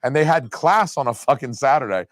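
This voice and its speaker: Male co-host for a home film commentary track, expressive, swearing, sarcastic, dry close sound. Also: medium pitch, a little fast, no echo. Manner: profane, animated, sarcastic. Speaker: podcast co-host. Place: home, recorded apart from co-host.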